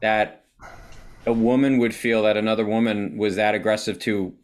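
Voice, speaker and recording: Animated male director telling set stories. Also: on the low side, moderate pace. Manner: animated, acts out quotes, swears casually. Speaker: podcast host and film director. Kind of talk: casual anecdotal storytelling.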